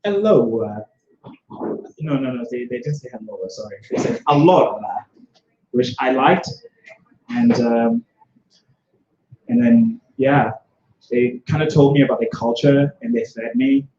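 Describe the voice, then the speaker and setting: A man's voice: mid-range voice, a little slow, pauses often, mellow, slight background noise. A man from South Africa doing a rambling, self-deprecating stand-up set at an open mic, with lots of restarts. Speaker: stand-up comedian. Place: open-mic stage in a bar room. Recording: echoey room, dull lo-fi sound.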